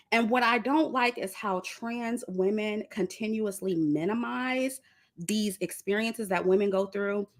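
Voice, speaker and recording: A woman's voice: medium pitch, fairly bright tone. Blunt woman vlogger giving opinions. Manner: blunt, emphatic, addresses viewers directly. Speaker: commentary vlogger. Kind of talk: opinion monologue to camera.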